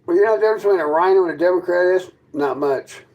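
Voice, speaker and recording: A man's voice: high-pitched, rapid-fire, darkish tone, highs cut off. A man hosting a casual livestream from his trailer, mocking and arguing with his chat in a sarcastic, combative way. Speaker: livestream host chatting with viewers. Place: inside his fifth-wheel trailer.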